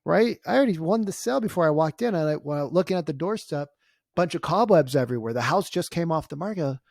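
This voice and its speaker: Energetic coach who keeps asking "right?". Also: male voice, a little high, fast talker, creaky, dry recording, clean studio sound. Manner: acts out client conversations in storytelling bursts. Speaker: real estate coach. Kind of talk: casual coaching walkthrough of his slides.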